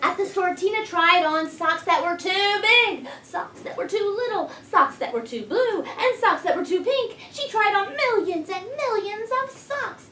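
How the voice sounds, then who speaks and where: A woman teacher doing an expressive read-aloud, stopping often to ask her class questions. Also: very high-pitched, a little slow, few pauses, slight background noise. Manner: expressive storytelling, prompting children. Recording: echoey room, voice from far off.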